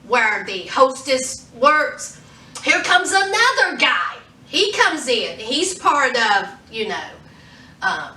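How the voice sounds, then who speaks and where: Animated woman recapping a TV episode. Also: high-pitched, reverberant, recorded from a distance. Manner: animated, acts out the characters' lines. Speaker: TV show reviewer.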